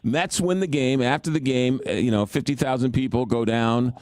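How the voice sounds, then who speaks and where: A man hosting a radio talk show, telling a story in an animated, self-mocking way. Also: medium pitch, moderate pace, no room sound.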